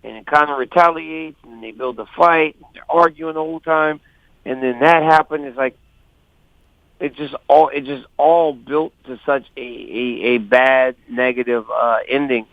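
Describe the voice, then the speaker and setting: Man, guest caller, animated storyteller, dull lo-fi phone line, dry sound. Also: mid-range voice, moderate pace, no echo. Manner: animated storyteller, quotes others in lively voices. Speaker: guest fighter calling in. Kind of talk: casual phone interview. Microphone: phone call.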